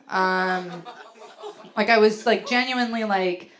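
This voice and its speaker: A middle-aged woman does a stand-up comedy set on a venue stage, her mid-range voice a little slow. She rambles through chatty, filler-laden stories and acts out other people's voices in a big way.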